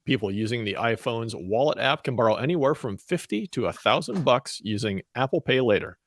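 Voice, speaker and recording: A man's voice: medium pitch, lively intonation, a little fast. A man co-hosting a radio talk show, chatting casually and reading the news in a dry, matter-of-fact way. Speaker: co-host and news reader.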